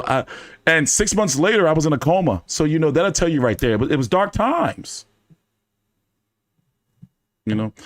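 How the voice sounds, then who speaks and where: A man chats casually with his live audience, swearing freely and padding his stories with fillers. His voice sits on the higher side and leaps around in pitch. The sound is dry and close, with no room echo. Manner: animated, profane, many fillers. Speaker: streamer hosting a fan chat. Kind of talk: casual storytelling to a live chat.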